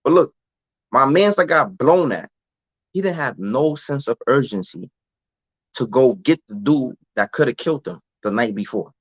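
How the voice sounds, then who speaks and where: A man's voice: medium pitch, expressive, moderate pace, no echo. A man, telling a candid story as a podcast guest in streetwise slang. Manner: streetwise slang, often adds "you know what I'm saying". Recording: dull, dry lo-fi recording.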